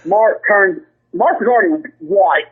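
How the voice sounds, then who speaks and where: A man with a Southern US accent, telling a long rambling story as a podcast guest, full of restarts and animated quoting. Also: high voice, a little slow, slightly rough. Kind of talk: casual storytelling. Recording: tinny phone line.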